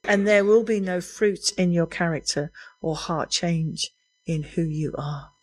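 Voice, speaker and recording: A woman's voice: lowish voice, fairly even intonation, a little slow. A middle-aged woman preaching a sermon in an earnest, conversational way, laughing lightly now and then.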